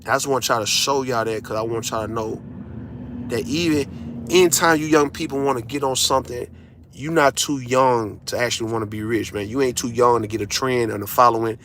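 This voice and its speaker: A man's voice: medium pitch, brisk, a bit bright, slight background noise. A father ranting to his audience in a casual monologue, blunt and profane, hammering his points with repeated phrases.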